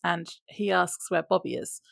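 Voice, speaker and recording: A woman co-hosting a podcast, recapping a TV episode in a relaxed, easygoing way. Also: fairly low pitch, normal speed, creaky, no room sound, studio quality. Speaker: podcast co-host.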